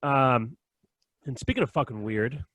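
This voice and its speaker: A man's voice: mid-range voice, measured pace, fairly bright tone, no echo. A man hosting a podcast, telling rambling stories in casual chat and acting out what others said, laughing often. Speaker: podcast host.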